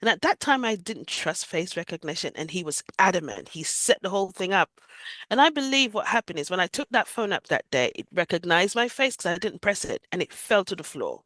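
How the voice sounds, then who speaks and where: A woman tells her own story in an interview. Her pitch rises and falls in a lively way, and she recounts it with vivid emotion. The recording is dry and close. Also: a little fast, no room sound. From Jamaica. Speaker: guest sharing a near-death experience.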